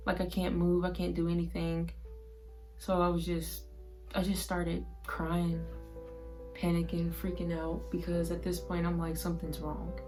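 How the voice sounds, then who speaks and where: A woman vlogger retelling a painful personal story to the camera in a soft, halting way, full of "like". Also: lowish voice, completely flat delivery, music in the background.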